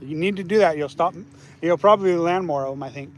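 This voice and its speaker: A man, hosting a casual live fishing stream outdoors. He laughs often and gets loud and excited whenever a fish bites. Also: fairly high pitch, fast talker. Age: 40s. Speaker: fishing channel host. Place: outdoors by the water.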